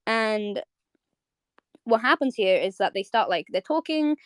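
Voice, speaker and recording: A woman's voice: a little high, unhurried, no echo. A young woman hosting a live audio chat, rambling with many restarts as she recaps a favorite cartoon episode. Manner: rambling, fillers and restarts, excitable. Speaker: host. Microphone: streaming audio mic.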